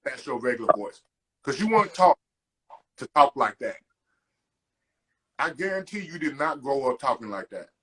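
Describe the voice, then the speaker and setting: Man, husky, podcast co-host, casual chat, profane, ranting. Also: mid-range voice, big pitch swings, normal speed, pauses often, bright, forceful tone. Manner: profane, ranting, mocking impressions.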